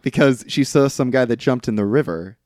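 A young podcast co-host recaps a film plot casually and rambles, acting out characters' lines with jumps in pitch. He talks fairly quickly with a darkish tone, and the studio-quality recording is dry.

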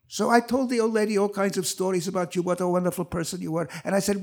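A man's voice: sits high, steady tone, fast talker, vocal fry, few pauses. A man in his eighties telling a personal story on stage at a live event, vivid and acting out the people in it. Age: 80s.

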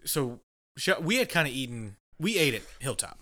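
A man in a loose, casual conversation. He retells stories animatedly and acts out each person's lines. His voice is bright and forceful. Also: medium pitch, normal speed. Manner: animated retelling, acts out quotes, laughs often. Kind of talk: casual chat.

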